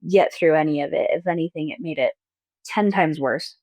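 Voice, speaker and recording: Young woman guest, lowish pitch, dry close sound, hesitant with many fillers. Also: normal speed, dry recording. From Mormon-majority town in the US. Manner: soft, hesitant, many likes and restarts. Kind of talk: personal storytelling interview.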